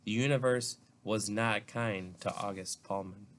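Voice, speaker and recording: A man reading aloud the lines of a confident teenage girl from a novel, keeping close to his own low voice. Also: fairly even intonation, a little slow, a little hiss or hum, lightly acted. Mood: knowing.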